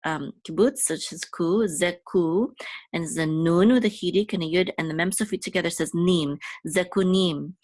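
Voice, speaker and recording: A woman teaching biblical Hebrew, patiently sounding out letters and vowels and repeating words slowly for learners. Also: on the low side, no echo.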